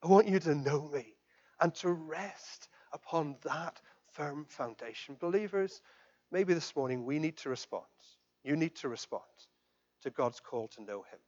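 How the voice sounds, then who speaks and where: Man preaching, sermon, fervent and emphatic, high voice, muffled lo-fi sound. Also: lively intonation, moderate pace. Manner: impassioned, rising to loud emphatic declarations then dropping soft. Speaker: pastor.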